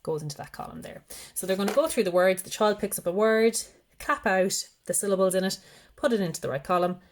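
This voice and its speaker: A woman teaching parents a rhyming and syllable activity, explaining step by step and slowly sounding out letters. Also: medium pitch, slight background noise. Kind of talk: instructional demonstration.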